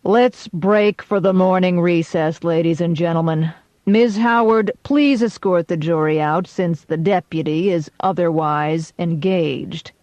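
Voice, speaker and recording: A woman's voice: lowish voice, a little slow, darkish tone, dry recording, lo-fi sound, close to an everyday voice. A woman voicing a stern, fussy older male judge who barks his commands in an audiobook. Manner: barking commands.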